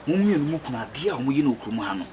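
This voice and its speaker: A man's voice: medium pitch, very animated, rapid-fire, background noise, natural voice. An actor with a Ghanaian accent playing a nosy man who teases two women.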